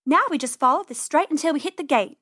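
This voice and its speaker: A woman voicing a brave, bossy young female rabbit who speaks in a bright, urgent, commanding way. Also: high voice, expressive, quick pace, no echo, studio quality, voice pushed up.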